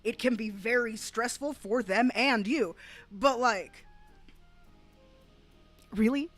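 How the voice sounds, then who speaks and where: A woman's voice: fairly high pitch, takes it slowly, soft background music. A woman streamer ranting in casual reaction commentary, swearing freely and often breaking into laughter. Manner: profane, animated ranting with frequent laughter. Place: home, rural area.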